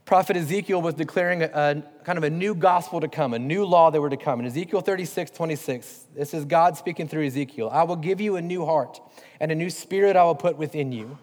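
A man's voice: on the high side, brisk. A man preaching a sermon, conversational and emphatic, putting direct questions to his congregation. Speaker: pastor. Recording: long hall reverb.

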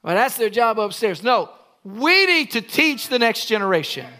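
An older man, a pastor, preaching a sermon in an emphatic way that rises to shouts. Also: very high voice, big pitch swings, moderate pace.

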